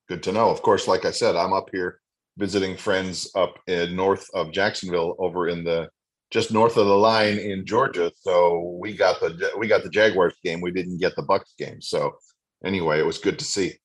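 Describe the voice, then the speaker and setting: A man's voice: low voice, fairly even intonation, moderate pace. A middle-aged man co-hosting a podcast, chatting casually and repeating words like "interesting.". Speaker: podcast co-host. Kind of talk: casual chat.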